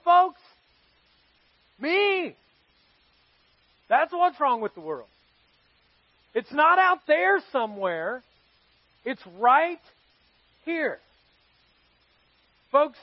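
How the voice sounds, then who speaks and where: A man's voice: extremely high pitch, slightly rough, dry recording, muffled recording. A man preaching a sermon to his congregation as pastor, telling stories in a conversational way and asking the audience questions. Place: church service with live congregation.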